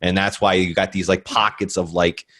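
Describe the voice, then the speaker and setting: A man's voice: low voice, level tone, normal speed, bright, forceful tone. A young man from Baltimore with a Baltimore accent, co-hosting a podcast in a laid-back, blunt chat full of "like". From Baltimore, Maryland. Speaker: podcast co-host. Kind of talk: casual chat.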